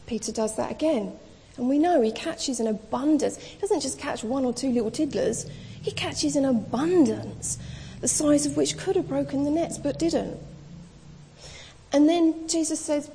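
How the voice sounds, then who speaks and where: Woman preacher, high mellow voice, casual storytelling sermon, reverberant hall. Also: expressive, moderate pace. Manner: storytelling, acts out quoted dialogue in casual speech.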